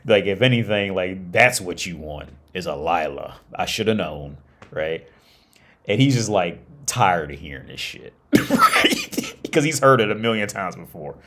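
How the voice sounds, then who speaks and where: A man hosting a livestream who retells a story at length, loose and profane, full of restarts. His voice sits very low. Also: huge pitch swings, a little slow, bright, forceful tone. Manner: profane, rambling, many restarts. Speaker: livestream host. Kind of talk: casual storytelling.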